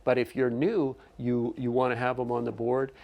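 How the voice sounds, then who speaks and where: A man lecturing new teachers on running a classroom, his mid-pitched voice carrying a gravelly edge. He explains step by step and keeps asking "okay?" to check that his listeners follow. He often breaks off to restart a phrase. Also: level tone, moderate pace, dull audio. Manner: frequent restarts and self-corrections. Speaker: teacher trainer.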